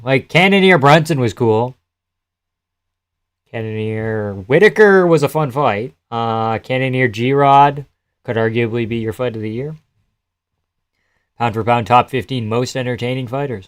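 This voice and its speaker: A young man streaming live, chatting loosely to his viewers. His pitch sits in the ordinary middle for a man. He laughs often, swears freely and answers chat between remarks. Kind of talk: casual live-stream commentary.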